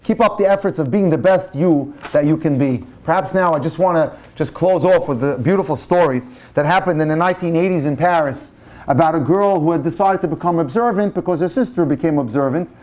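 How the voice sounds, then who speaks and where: Passionate rabbi telling a story. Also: male voice, a little fast, a little mellow. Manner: passionate storyteller, turning low and solemn. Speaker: rabbi and lecturer. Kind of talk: inspirational lecture with storytelling.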